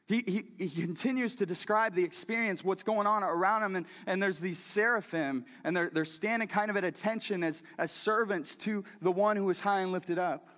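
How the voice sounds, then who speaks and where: A man preaching a sermon in a church, talking in a lively, conversational way with frequent restarts and repeated words. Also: high-pitched, moderate pace, few pauses, long reverb tail. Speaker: pastor. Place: church sanctuary.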